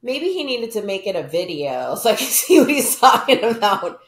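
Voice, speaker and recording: A woman's voice: mid-range voice, sing-song, moderate pace. A woman co-hosting a podcast, chatting and asking teasing questions. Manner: questioning, teasing, many "like" fillers. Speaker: podcast co-host. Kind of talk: casual chat. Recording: roomy echo.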